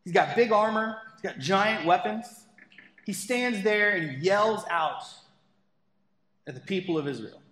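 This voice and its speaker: A man's voice: high voice, expressive, a little slow, a bit bright. A man preaching a sermon as pastor, talking conversationally with playful asides. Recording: echoey hall with long reverb.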